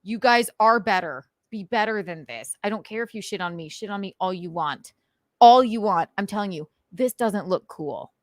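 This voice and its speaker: A woman host with a transatlantic accent, ranting casually about online comments with crisp enunciation and goofy, theatrical outbursts. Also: medium pitch, lively intonation, normal speed, dry recording, studio quality. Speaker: show host.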